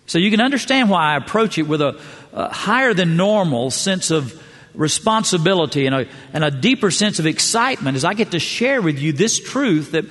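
A middle-aged man preaching a sermon, telling stories with measured pauses. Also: fairly high pitch, lively intonation, a bit bright. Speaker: pastor. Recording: long church hall reverb.

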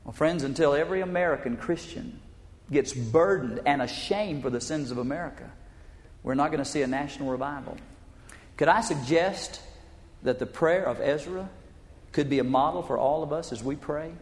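Preaching man in an echoing hall. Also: moderate pace. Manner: preaching with emphatic swings of pitch and pace. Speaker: pastor. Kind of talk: sermon. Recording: echoey hall with long reverb.

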